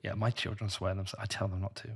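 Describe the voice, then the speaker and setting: A man's voice: fairly low pitch, little pitch movement, fast, vocal fry, a little hiss or hum. A man hosting a podcast interview in a casual, foul-mouthed way. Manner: casual, swears freely. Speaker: podcast host.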